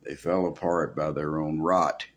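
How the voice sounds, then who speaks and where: A man's voice: extremely low pitch, steady tone, measured pace. A male pastor preaching a sermon in a folksy, rambling way with asides.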